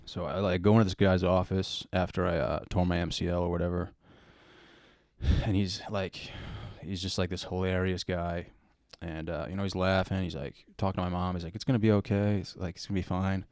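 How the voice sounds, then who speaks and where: A man's voice: low voice, level tone, normal speed, a little mellow, no echo, studio quality. A young man, hosting a podcast and rambling through a story in loose, casual chat. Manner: rambling storytelling with many likes and mans. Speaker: podcast host.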